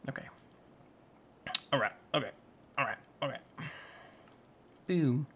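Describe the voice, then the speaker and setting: A man's voice: mid-range voice, takes it slowly, a bit bright, slight background noise. A man hosting a casual let's-play, narrating his moves in a playful, goofy, self-mocking way. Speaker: gaming channel host.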